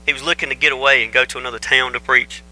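Bright folksy preacher man. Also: medium pitch, steady tone, rapid-fire, low-quality recording. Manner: folksy, joking, conversational storytelling. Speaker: pastor. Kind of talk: casual folksy sermon. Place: church sanctuary. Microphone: microphone.

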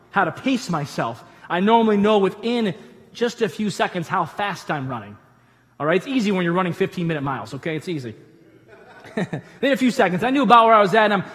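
A pastor gives a conversational sermon in a church auditorium, his voice sitting high and carrying through the large hall. He tells stories with animation and drops in humorous asides.

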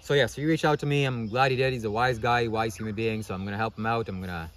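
Fast-talking man asking himself questions. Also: fairly low pitch, fairly even intonation, a bit bright. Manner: fast-talking, rhetorical questions, frequent "okay?". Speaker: spiritual vlogger. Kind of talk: rambling motivational monologue.

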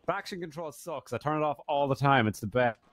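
Fast-talking joking man in game role-play. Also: fairly high pitch, fairly bright tone. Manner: fast, profane, joking banter. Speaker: streamer playing a role-play character.

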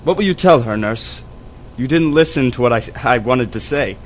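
A man's voice: mid-range voice, lively intonation, moderate pace, slight background noise, lightly acted. A young man reading the part of an earnest young lover for a school audiobook.

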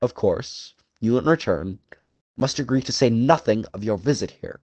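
A man gives an audiobook character voice for a suave, cruel aristocrat, a hunter general who speaks in a theatrical, courtly purr, savoring and stretching his phrases above the narrator's register. His mid-range voice is animated, a little mellow and slightly rough, recorded muffled and without echo.

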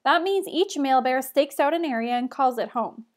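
A woman reading aloud and voicing a loud, excitable male TV adventurer with a hearty, slangy manner. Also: high-pitched, moderate pace. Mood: explaining.

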